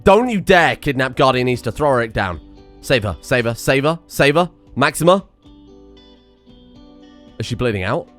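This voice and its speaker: A man giving excitable let's play commentary on a strategy game, muttering one moment and shouting the next. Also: mid-range voice, moderate pace, pauses often, faint music behind. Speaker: gameplay commentator.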